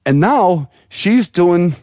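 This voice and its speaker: A man telling a long story on a podcast in an animated, laughing way, as a guest who breeds dogs. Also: high voice, extremely slow, dry recording, clean studio sound.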